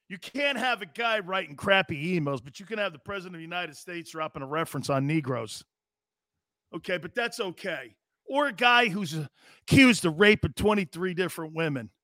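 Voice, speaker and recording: A man with a high, bright, pushing voice holds forth as a sports talk host. He is blunt and profane, hammering the same points over and over. The sound is close and dry, with no room around it. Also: no room sound. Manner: blunt, profane, repetitive and heated. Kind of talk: opinionated live sports talk rant.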